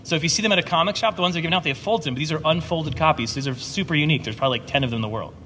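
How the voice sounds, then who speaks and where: A man's voice: fairly high pitch, rapid-fire, sharp tone. Middle-aged male writer, loose and stammering, panel talk in a reverberant hall. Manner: rambling, stammering restarts, frequent swearing and laughter. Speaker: comic book writer on a convention panel. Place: convention panel room. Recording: reverberant hall with audible background noise.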